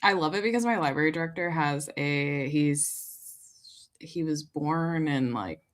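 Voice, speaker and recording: A woman's voice: low-pitched, measured pace. A woman hosting a casual reading livestream, laughing often and greeting viewers in chat. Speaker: livestream host.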